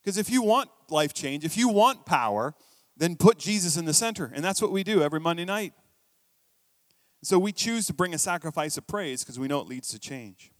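A middle-aged man preaching a sermon as a pastor, telling stories in a conversational way, with quiet asides and sudden emphatic bursts. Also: a little high, animated, fairly quick, dry recording, studio quality.

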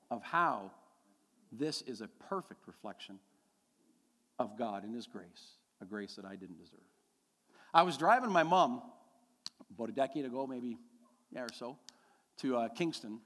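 A man's voice: medium pitch, a bit bright, in a large hall. A middle-aged man preaching a sermon as a pastor, telling a personal story and building to emphatic, repeated declarations.

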